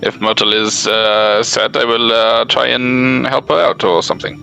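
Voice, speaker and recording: A man playing in an online tabletop game, talking casually and haltingly with many fillers. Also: medium pitch, fairly even intonation, gravelly, pushed and bright, faint music behind, rough recording. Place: home, online voice chat.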